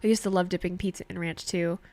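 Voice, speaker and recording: A woman's voice: lowish voice, fairly even intonation, quick pace, warm tone, no room sound. A young woman live-streaming, chatting casually with viewers and laughing often as she reads out their messages. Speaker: streamer watching a wrestling show.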